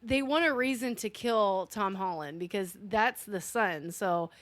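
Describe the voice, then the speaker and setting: A young woman talks through a story in casual chat, swearing and slipping into put-on voices for the characters. Her pitch is ordinary for a woman. The sound is dry and close to the mic. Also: unhurried, no echo. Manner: animated, profane, quotes characters in put-on voices.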